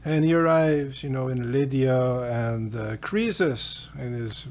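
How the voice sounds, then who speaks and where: A man's voice: mid-range voice, takes it slowly, a little mellow. A man hosting a philosophy channel, retelling an ancient legend in a rambling, casual way with fillers and chuckles. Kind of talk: casual storytelling lecture.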